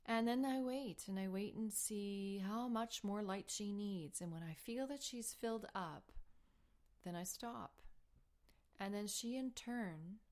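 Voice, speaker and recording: A woman hosting a spiritual healing show, telling a personal story in an earnest, heartfelt way, sometimes dropping to a soft whisper. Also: medium pitch. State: emotional while telling the story. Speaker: spiritual healing podcast host.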